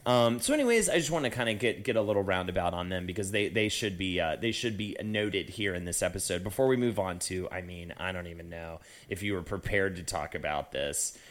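A man co-hosting a podcast in loose, casual chat, swearing and filling pauses with "uh" and "um". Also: sits low, lively intonation, a bit bright. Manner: chatty, loose, swears, lots of fillers. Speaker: podcast co-host.

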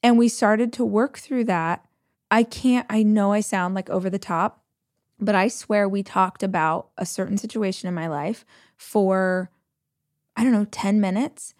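A woman's voice: medium pitch, fairly even intonation, moderate pace, darkish tone, no echo. Chatty woman podcast host, dry close sound. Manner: chatty storytelling, acting out quoted voices, frequent "like". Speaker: podcast host giving advice. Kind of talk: casual advice chat.

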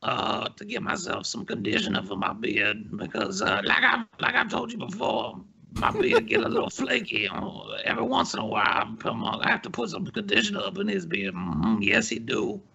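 A man doing an impression of a goofy bearded man who rambles through a silly story, gravelly and breathy, on dull lo-fi podcast audio. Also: high voice, huge pitch swings, moderate pace, bright, forceful tone, pitched above the performer's own voice, heavily acted. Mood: rambling, goofy. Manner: rambling, chuckling through the tale.

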